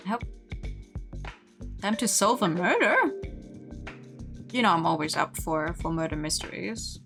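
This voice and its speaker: A woman's voice: medium pitch, big pitch swings, a bit bright, soft background music. A woman streamer giving casual, playful commentary on a game. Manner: playful, quick reactions with laughter.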